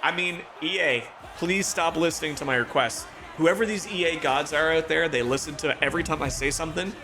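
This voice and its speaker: A man's voice: a little high, brisk. A man from Toronto, Canada, streaming a hockey video game and calling the play-by-play with chatty asides. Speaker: gaming streamer.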